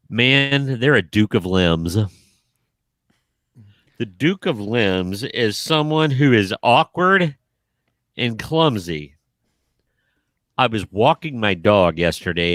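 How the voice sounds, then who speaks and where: A man's voice: lowish voice, no room sound, studio quality. A man co-hosting a podcast in casual chat, telling stories and laughing often. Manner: laughs often, animated storytelling. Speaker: podcast co-host.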